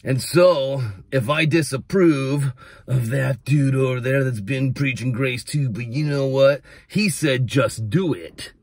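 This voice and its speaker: An American man preaches a casual video sermon in a husky, mid-range voice, unhurried and with no echo. He's animated, building to near-shouts on emphatic points and mocking the voices he quotes.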